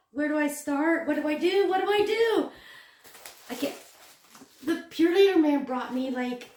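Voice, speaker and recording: A woman in her fifties vlogging casually at home, excitable and repeating herself. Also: high-pitched. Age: 50s. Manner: excitable, repeats phrases, gasps and squeals. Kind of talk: casual unboxing chat. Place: home room, packing. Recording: echoey room, faint noise.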